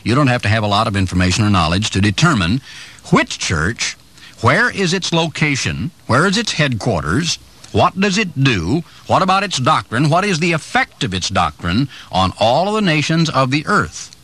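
A man preaching on the radio, reading scripture aloud and expounding it with emphatic delivery, his pitch swinging up and down and his pace slowing on key phrases. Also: very animated, a bit bright. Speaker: radio Bible teacher.

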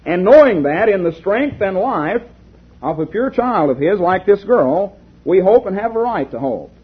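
A man reading aloud as a patient old medieval physician, in measured, earnest speech. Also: sits high, expressive, husky, heavily acted. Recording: lo-fi tinny recording.

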